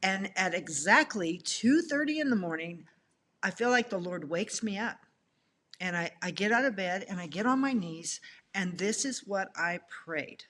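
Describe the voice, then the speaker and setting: A middle-aged woman tells her love story with lively, animated expression. She acts out her own past thoughts and reactions with playful emphasis. Her voice sits at an ordinary middle pitch for a woman. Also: normal speed.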